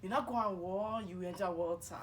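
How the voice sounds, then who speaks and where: A preachy, scolding mother who repeats her warnings over and over in a low, slightly quieter voice, as her daughter puts her on. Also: brisk, slight background noise, close to an everyday voice.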